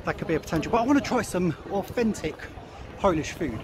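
A fast-talking travel vlogger with a high, animated voice films himself on a handheld camera as he walks a busy city street at night. He chats, jokes, laughs often and swears casually, surrounded by busy crowd and street noise.

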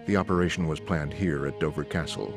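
Brief: very low male narrator, grave and measured, loud music under the read. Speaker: documentary narrator. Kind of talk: scripted narration.

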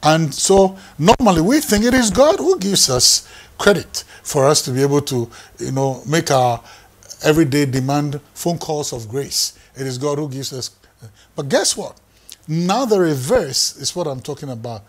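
A man's voice: on the high side, lively intonation, normal speed. A man, preaching a sermon in an emphatic way, repeating phrases for effect. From Ghana. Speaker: pastor.

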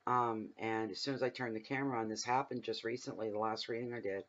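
A man's voice: fairly low pitch, fairly even intonation, fast, fairly bright tone, highs cut off. A man giving a casual tarot reading at home, talking in a rambling, chatty way that drifts into personal stories. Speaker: tarot reader. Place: home room at night, windows open.

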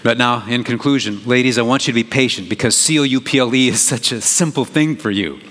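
Animated man preaching a sermon in a hall. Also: fairly quick. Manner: animated, conversational, leaps in pitch for emphasis. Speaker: pastor. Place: church sanctuary. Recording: reverberant church hall, faint noise.

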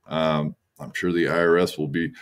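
A man's voice: extremely low pitch, little pitch movement, normal speed. A man hosting a livestream, signing off in a laid-back way with crude jokes. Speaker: streamer host. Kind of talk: casual livestream sign-off.

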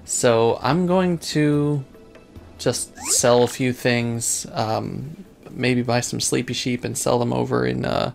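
A man casually commenting on his gameplay, thinking out loud with frequent ums. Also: mid-range voice, steady tone, slow pace, vocal fry. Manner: laid-back, thinking out loud with many ums. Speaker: let's play host. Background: game music.

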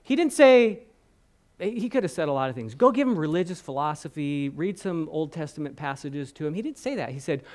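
Man, preacher, high-pitched, very expressive, storytelling sermon, questions the congregation. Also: brisk. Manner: animated storytelling, acting out quoted voices. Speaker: guest preacher. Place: church hall.

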